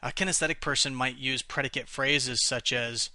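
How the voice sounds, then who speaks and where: A man's voice: medium pitch, steady tone, normal speed, few pauses, sharp tone, no room sound. A man teaching a lesson on how to speak to different kinds of buyers, explaining and acting out example phrases, with some restarts. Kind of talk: spoken lesson on communication styles.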